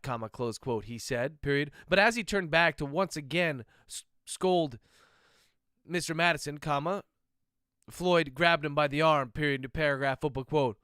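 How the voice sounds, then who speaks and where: An author dictates his novel aloud in a steady flow, speaking each comma and period as he goes. His man's voice is smooth and resonant, and it sits a little high. The sound is dry and close, with no room echo. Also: moderate pace. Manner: steady dictation, saying punctuation marks aloud.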